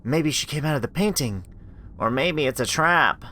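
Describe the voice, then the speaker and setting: Expressive man reading a horror game. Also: fairly high pitch, normal speed. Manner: expressive, reacts aloud, swears. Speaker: let's play host. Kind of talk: reading a horror visual novel aloud with commentary. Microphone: desktop microphone.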